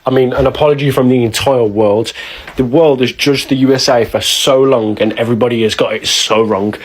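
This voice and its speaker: A man's voice: medium pitch, fairly even intonation, brisk, husky. A man speaking earnestly and persuasively to camera. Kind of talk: to-camera opinion.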